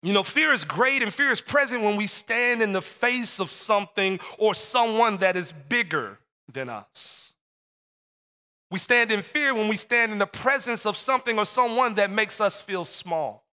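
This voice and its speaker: A man's voice: sits high, animated, normal speed, sharp tone, clean tone, long reverb tail. A man preaching a sermon as pastor, telling a personal story and repeating phrases for emphasis.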